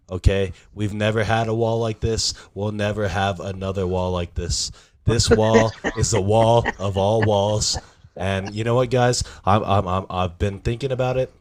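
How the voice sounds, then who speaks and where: A man's voice: fairly low pitch, moderate pace, a little mellow, close to an everyday voice. A man doing an impression of a boastful male president who speaks in repetitive superlatives.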